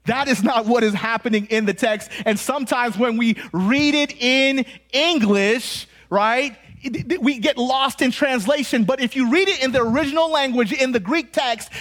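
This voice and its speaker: An American man preaching with a high, lively voice. He keeps it conversational and animated, throwing in jokes and acting out quoted voices as he teaches. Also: moderate pace, few pauses. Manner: animated, joking asides, acts out quoted voices. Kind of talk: sermon.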